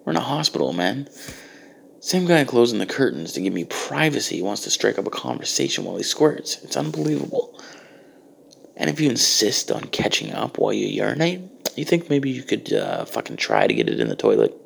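Gravelly man ranting. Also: lowish voice, very animated, a little fast. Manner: ranting, exasperated, heavy swearing. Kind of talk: profane comedic rant monologue.

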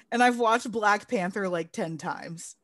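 A woman co-hosting a podcast, chatting casually with a sarcastic, profane edge and plenty of quick asides. Her voice sits at a middle pitch, and the sound is dry and close to the mic with no room echo. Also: fairly bright tone. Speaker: podcast co-host. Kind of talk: casual chat.

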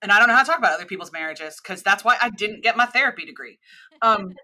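American woman in her 30s, bright clear voice, talks on and on explaining stuff, mid-atlantic accent. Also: mid-range voice, fast talker. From United States. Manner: animated, expansive explainer. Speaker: podcast guest, cross-cultural expert. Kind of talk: conversational interview.

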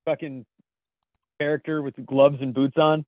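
A man's voice: on the high side, level tone, unhurried, a crowd in the background. A man co-hosting a podcast in casual chat, laid-back and swearing, laughing as he reads out memes. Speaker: podcast co-host. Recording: dry, phone-like narrow sound.

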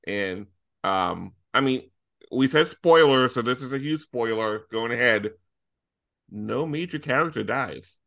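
Excitable, bright-voiced male podcaster. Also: mid-range voice, measured pace, vocal fry. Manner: excitable, swears freely. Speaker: podcast co-host. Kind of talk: casual film review chat.

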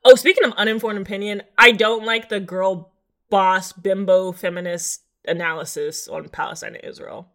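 Bright-voiced blunt woman podcast host. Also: mid-range voice, steady tone, moderate pace. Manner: blunt, wry, leads the conversation. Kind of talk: casual chat.

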